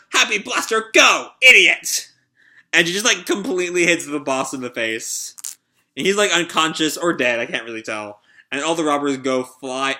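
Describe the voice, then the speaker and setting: This online creator has a medium-pitched, sharp voice. He reads through a manga chapter and reacts as he goes, talking chattily with lots of fillers and laughs.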